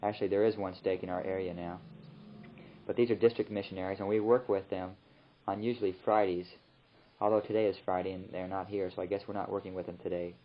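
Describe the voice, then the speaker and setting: A young missionary man recording a rambling, relaxed spoken letter home in his flat. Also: deep voice, quick pace, slight background noise. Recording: muffled old tape recording.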